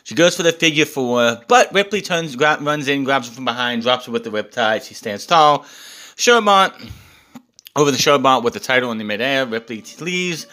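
A man's voice: medium pitch, expressive, moderate pace, sharp tone. A man recapping a wrestling show in a casual, exasperated rant, swearing often.

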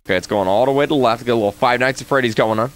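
A gaming YouTuber does let's play commentary on a horror game, muttering nervously and repeating himself. He speaks rapid-fire at a medium pitch.

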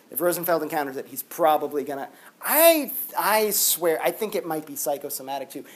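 A man lecturing a classroom in a casual, chatty way, full of "like" fillers. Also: on the high side. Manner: chatty, animated, lots of "like" fillers. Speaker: university philosophy lecturer.

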